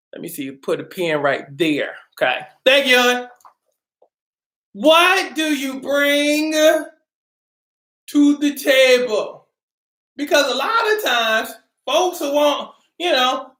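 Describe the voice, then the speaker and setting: Slow-talking upbeat woman live-streaming. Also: fairly high pitch. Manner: upbeat, greets viewers by name, calls out loudly. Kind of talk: casual live-stream chat with viewers. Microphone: camera mic. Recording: roomy echo.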